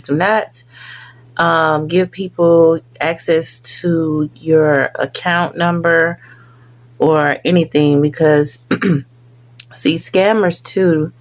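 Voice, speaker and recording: A woman hosting a reaction video, talking casually and earnestly warning her viewers. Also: low-pitched.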